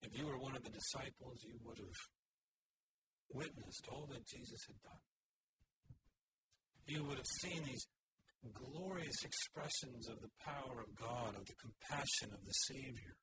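A man's voice: medium pitch, lively intonation, unhurried, pauses often. A man preaching an earnest, expository sermon. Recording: hissy recording.

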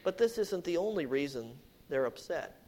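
A man preaching a sermon, dropping to hushed low phrases and then rising loud and emphatic. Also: sing-song, moderate pace, a little hiss or hum. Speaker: pastor.

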